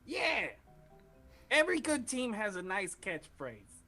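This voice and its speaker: A man's voice: high voice, very animated, slow, bright, forceful tone, soft background music, voice pushed up, full character voice. A man voicing a chatty, enthusiastic rival adventurer with a raised voice. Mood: eager.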